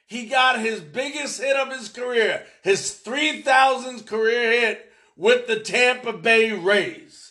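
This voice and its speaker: Animated high-voiced male sports podcaster. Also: slow pace. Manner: animated, ranting, emphatic. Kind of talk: solo sports podcast monologue.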